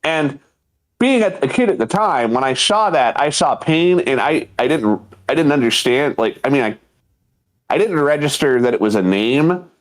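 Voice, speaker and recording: A man in his thirties with a mid-pitched voice, co-hosting a loose comedy podcast. He tells stories in an animated way, acts out what people said and often breaks into laughter. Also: normal speed. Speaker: podcast co-host. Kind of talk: casual comedic chat.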